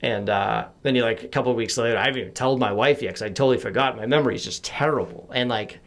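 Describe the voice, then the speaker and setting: A man's voice: mid-range voice, fast talker. A young man, a podcast host on as a guest, chatting casually and self-deprecatingly with lots of "like" and frequent laughs, over a home mic on a remote call. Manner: rambling, filler-heavy, self-deprecating, laughs often. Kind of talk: casual chat.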